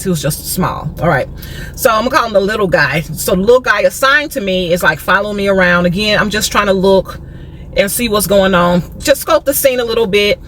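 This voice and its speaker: A young American woman vlogger telling a story in a sassy, animated way, acting out what people said. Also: mid-range voice, a little hiss or hum. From United States. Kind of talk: storytime vlog.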